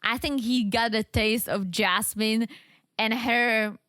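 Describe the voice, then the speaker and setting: A woman with a fairly high voice talks through a reality-show recap in casual chat. She is animated and keeps slipping into quoted voices. Her podcast mic sounds close and dry. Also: slow, dry recording. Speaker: podcast co-host.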